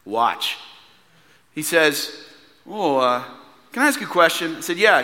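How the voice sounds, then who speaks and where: A male pastor preaching a sermon in a church, earnest and pleading, swinging from hushed asides to loud emphatic lines. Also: a little high, very animated, normal speed, long pauses, big-room sound. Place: church hall.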